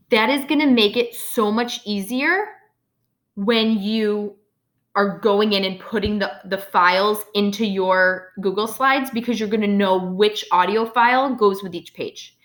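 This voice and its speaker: Woman teacher, tutorial voice-over, plain mid-pitched voice, patient step-by-step delivery. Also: fairly bright tone. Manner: step-by-step, checking in with "okay?". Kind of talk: screen-recorded software tutorial.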